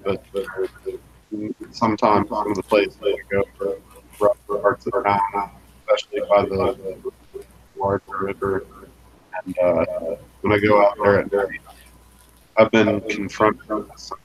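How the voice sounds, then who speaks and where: A man's voice: fairly low pitch, a little hiss or hum, rough recording. A man in a casual live chat on a video call, speaking in a thoughtful, rambling way with restarts. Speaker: live stream participant.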